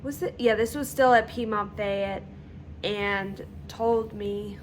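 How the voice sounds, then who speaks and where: A woman telling her own story in a vlog, candid and halting, with frequent fillers and pauses as she recalls events. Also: mid-range voice, steady tone, slight background noise.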